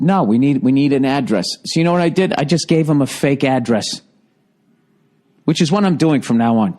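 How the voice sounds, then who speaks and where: A man's voice: fairly high pitch, a little mellow. A man with a Boston accent telling a profane, exasperated comedic story as a podcast host, acting out the other people in it. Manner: profane, exasperated, mimics others in quoted dialogue.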